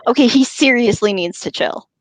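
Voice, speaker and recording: A woman's voice: a little high, normal speed, no echo. A woman podcast co-host reading a book aloud and making wry, giggly comments in casual chat.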